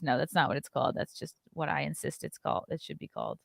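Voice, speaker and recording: A woman's voice: sits low, animated, quick pace, vocal fry, hardly any pauses, dry recording, clean studio sound. A woman hosting a casual commentary show, chatting loosely and swearing now and then while playing clips.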